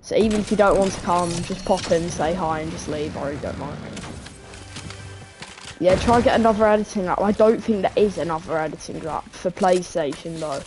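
Excitable woman streaming games. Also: lowish voice, fairly quick. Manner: excitable, chatty, greets viewers by name. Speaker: game streamer. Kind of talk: live gameplay commentary. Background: background music.

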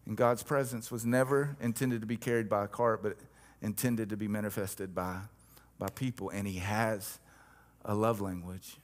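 A male pastor delivers a sermon in a fairly low, steady voice at a moderate pace. He shifts between quiet, held-back lines and loud, emphatic surges, weaving in rhythmic, chanted repetitions.

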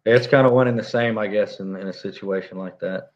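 A man, a police officer, recounting a standoff in a plainspoken, halting, reflective way. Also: fairly low pitch, fairly even intonation. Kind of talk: interview storytelling. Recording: dull lo-fi audio.

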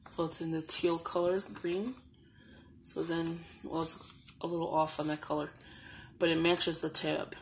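A woman's voice: low-pitched, a little hiss or hum, rough recording. A woman casually showing a planner on her channel, reading the printed slogans aloud as she flips through the pages. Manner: chatty, reads printed slogans aloud while flipping pages. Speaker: planner vlogger. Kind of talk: casual show-and-tell.

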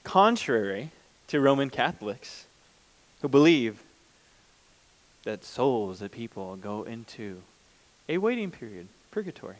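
A man's voice: medium pitch, big pitch swings, measured pace, pauses often. A man preaching a conversational sermon as pastor, plain-spoken and informal, often restarting mid-sentence.

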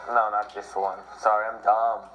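A teenage boy who is sick, chatting loosely and excitably while playing a mobile strategy game. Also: lowish voice, normal speed. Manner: rambling, excitable, self-deprecating. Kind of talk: casual gameplay commentary. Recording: dull lo-fi audio with faint music.

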